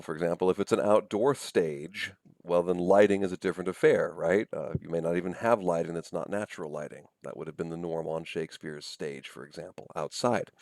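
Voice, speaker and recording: Low-voiced man giving a casual lecture. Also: creaky, a little mellow, no room sound, studio quality. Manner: conversational, thinks aloud with frequent "right?" and "um". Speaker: professor. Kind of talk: recorded lecture.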